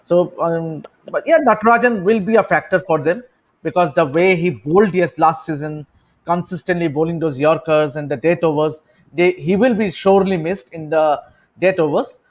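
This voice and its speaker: A man with a high voice talking cricket in a casual panel chat. He hesitates often and repeats words as he gets going. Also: normal speed, highs cut off. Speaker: cricket show co-host.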